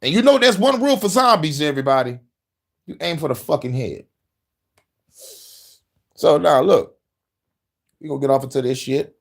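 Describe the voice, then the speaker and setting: A middle-aged man hosting a casual rant podcast, profane and animated, laughing often and shouting at times. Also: on the high side, normal speed, vocal fry, long pauses. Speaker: podcast host.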